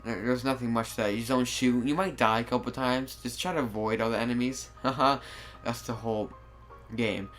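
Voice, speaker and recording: A man's voice: mid-range voice, steady tone, fairly quick, a bit bright, soft background music. A man giving casual, rambling commentary over his gameplay, often restarting his sentences. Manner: rambling, with frequent restarts and filler words. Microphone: new desktop microphone.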